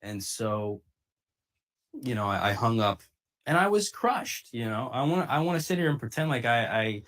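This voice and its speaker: A man's voice: mid-range voice, big pitch swings, moderate pace, fairly bright tone. A man, an actor, recounting a story in a candid way and acting out what others said. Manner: candid, acts out the quoted speech. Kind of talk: storytelling clip.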